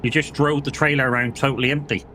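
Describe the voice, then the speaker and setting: A man's voice: medium pitch, steady tone, fast talker, sharp tone, a little hiss or hum. A young British man streaming a driving game, chatting casually and swearing through rambling stories about old jobs. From United Kingdom. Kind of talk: casual chat while gaming.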